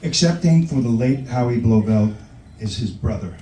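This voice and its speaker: A man's voice: mid-range voice, lively intonation, moderate pace. A man presenting at an awards ceremony, reading out who accepts each award and welcoming them to the podium. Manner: reads names and welcomes people up. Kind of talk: formal announcing at a podium. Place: large event hall. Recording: echoey hall from far off with loud noise.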